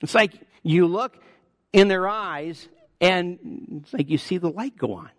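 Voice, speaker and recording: A pastor in his sixties delivers a sermon in a relaxed, conversational way, dropping in personal asides and jumping up in pitch and loudness to hit key words. He takes his time, and the studio recording is clean with no echo.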